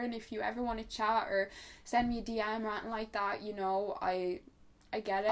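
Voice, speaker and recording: Young woman, casual vlog chat, candid, chatty, swears now and then, slightly high voice. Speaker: vlogger.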